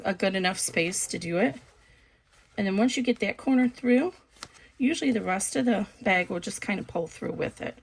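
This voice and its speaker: A woman casually explaining a sewing project step by step, relaxed and chatty with frequent ums. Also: mid-range voice, creaky, breathy edge. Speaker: sewing instructor. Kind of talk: casual craft tutorial.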